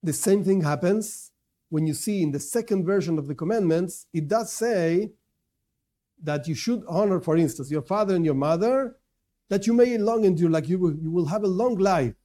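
Teaching a religious lesson to a non-Jewish audience, a man who is a Torah teacher speaks at normal speed in a high, dark-toned voice. He speaks emphatically, frequently repeats himself, and fixes his words partway through sentences.

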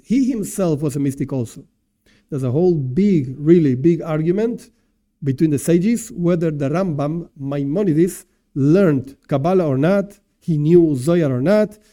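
Man with a very dark tone, lecturing. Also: on the high side. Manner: thinks aloud, rephrases and translates terms as he goes. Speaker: religious teacher. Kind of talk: informal lecture on Jewish teachings.

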